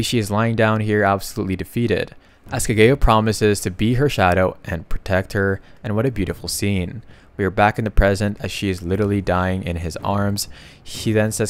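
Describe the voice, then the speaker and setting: A young man casually narrating a comic recap, chatty and excitable, with slangy asides to viewers. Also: fairly low pitch.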